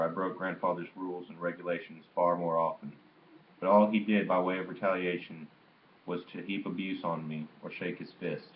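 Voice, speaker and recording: A man reading a memoir aloud in a steady, plain manner with small slips and restarts. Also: sits low, roomy sound, dull audio, slight background noise. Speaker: audiobook reader.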